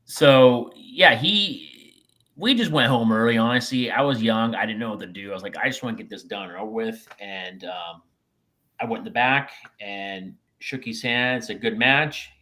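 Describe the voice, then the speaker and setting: Low-voiced man telling a profane story. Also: moderate pace. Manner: animated, profane anecdote-telling with acted-out quotes. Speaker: podcast co-host, former wrestler. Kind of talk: casual storytelling chat.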